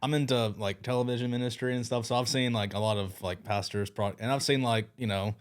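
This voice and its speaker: A man in his twenties from Arkansas, a guest musician who talks in halting bits with many restarts. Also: mid-range voice, steady tone. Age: 20s. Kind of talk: casual interview chat.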